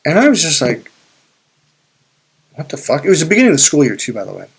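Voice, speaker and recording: A man with a fairly high voice for his sex tells a personal story to the camera in a loose, conversational way. He swears freely, repeats himself and restarts his sentences as he goes. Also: wildly swooping pitch, racing, vocal fry, breathy edge. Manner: profane, rambling, with frequent restarts. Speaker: spiritual and life coach. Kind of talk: casual storytelling monologue.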